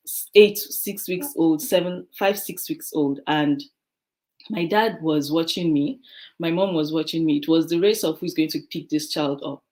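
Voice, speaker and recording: A woman from Africa, a beautician and guest, telling stories from her own life in a lively way and laughing often. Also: sits low. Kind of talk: casual interview storytelling.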